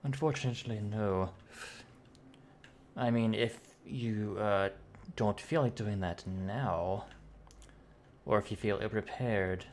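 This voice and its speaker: A man running a tabletop game as game master, talking in a halting way with many fillers and restarts, with a cough. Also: on the low side, slight background noise.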